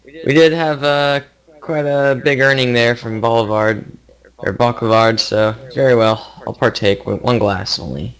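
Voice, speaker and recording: A man's voice: medium pitch, steady tone, a little slow, fairly bright tone, clear, resonant tone, low-quality recording. A man playing an elf character in a tabletop game, polite and formal. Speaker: player.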